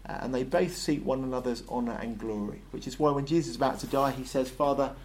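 A man's voice: mid-range voice, quick pace, darkish tone, slight background noise. A man preaching a sermon in a conversational way, often acting out short dialogues between characters.

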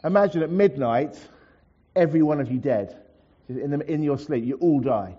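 A man's voice: fairly high pitch, lively intonation, moderate pace, husky, highs cut off. A man preaching a sermon to his congregation, in a conversational way with asides and everyday examples. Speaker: pastor. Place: church.

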